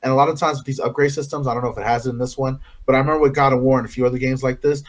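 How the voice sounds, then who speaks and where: Fast-talking, teasing man co-hosting. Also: medium pitch, level tone. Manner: teasing, blunt, profane. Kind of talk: casual chat about video games.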